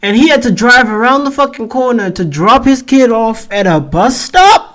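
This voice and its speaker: A 21-year-old man with a stuffy, blocked nose, rambling excitably and in slang as he hosts a reaction video. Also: extremely high pitch, normal speed. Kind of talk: casual reaction commentary.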